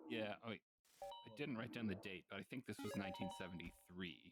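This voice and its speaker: A man's voice: lowish voice, moderate pace, over loud music. A man in casual chat with friends, explaining facts in an easy, offhand way. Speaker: co-host presenting a topic. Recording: noisy recording with clicking.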